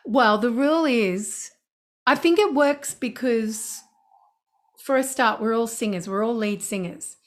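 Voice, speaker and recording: A woman's voice: fairly high pitch, unhurried. A woman, a singer and songwriter, chatting in an interview and telling anecdotes. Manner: chatty, anecdotal, animated storytelling. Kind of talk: casual interview chat.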